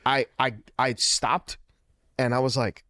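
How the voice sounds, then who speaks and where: A man's voice: mid-range voice, flat delivery, slow pace, bright, forceful tone, dry recording. A man in his thirties co-hosting a podcast, telling long, rambling stories in casual chat. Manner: long-winded, rambling storyteller. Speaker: podcast co-host.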